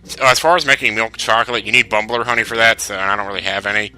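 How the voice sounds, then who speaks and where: A man's voice: on the low side, fairly even intonation, fast talker, pushed and bright, soft background music. A man commentating on a video game as he plays, joking and rambling. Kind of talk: let's play commentary.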